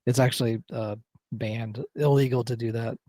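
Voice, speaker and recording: A man's voice: medium pitch, steady tone, moderate pace, dark tone, dry recording. A man co-hosting a podcast in casual chat, easygoing, laughing and chiming in with short reactions. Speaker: podcast co-host.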